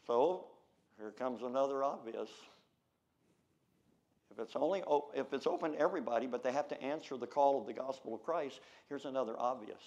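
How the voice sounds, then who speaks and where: An American man preaching a sermon, swinging between loud shouted declarations and low, quiet asides. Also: brisk, dull audio.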